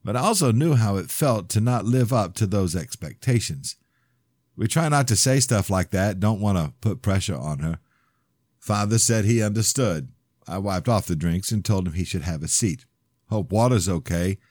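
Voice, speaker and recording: Deep-voiced man narrating his own novel. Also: animated, darkish tone, no room sound, studio quality. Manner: measured first-person storytelling. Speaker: author reading his novel. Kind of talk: audiobook narration.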